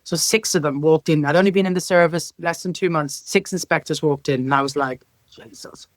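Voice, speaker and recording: A middle-aged woman from Ireland, a care sector leader, telling lively stories as a podcast guest and acting out the dialogue in them. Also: low-pitched, brisk, no echo. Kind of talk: podcast interview storytelling.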